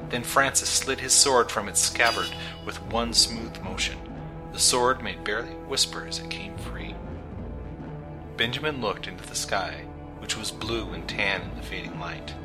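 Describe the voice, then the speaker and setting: A man narrating a storybook in a dramatic, measured reading that builds tension. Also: fairly low pitch, expressive, rough recording. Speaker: audiobook narrator. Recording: narration over clear background music. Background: music.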